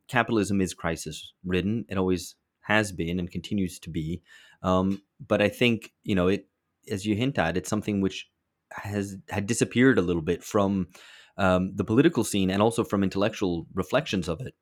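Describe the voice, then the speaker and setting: A man's voice: sits low, a little fast. A man co-hosting a discussion podcast, thinking aloud with frank remarks and repeated words. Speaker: podcast co-host. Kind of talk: casual discussion.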